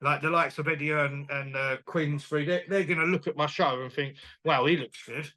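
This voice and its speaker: A man, a boxing promoter chatting as a guest in an interview, animated and quick to laugh. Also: a little high. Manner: animated, enthusiastic, laughs often, retells dialogue. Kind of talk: casual interview chat.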